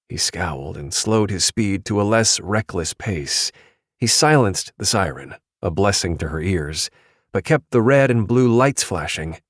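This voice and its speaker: Low-voiced male audiobook narrator. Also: dry recording, clean studio sound. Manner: measured, even storytelling.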